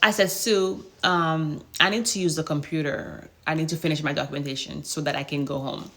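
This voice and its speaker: A woman hospice nurse telling a work story in a casual vlog, in an animated, exasperated way with many rhetorical questions. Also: low voice, a little fast.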